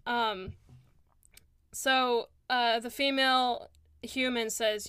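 A woman's voice: fairly high pitch, steady tone, unhurried, fairly bright tone, clean tone, no room sound. A woman narrating a tabletop game as game master, hesitant with many fillers.

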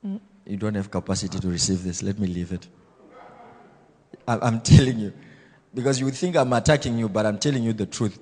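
A man pastor preaching a blunt, self-assured sermon, swinging between loud exhortation and quiet asides. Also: fairly low pitch, brisk, long pauses, breathy edge, in a large hall. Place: church hall.

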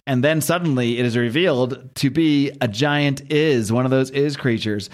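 A man's voice: mid-range voice, normal speed. A man with a mid-range voice talks in a loose, chatty way, recapping a comic on a podcast. He jumps into character voices and laughs at himself. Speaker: podcast host. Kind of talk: casual chat, comic book recap.

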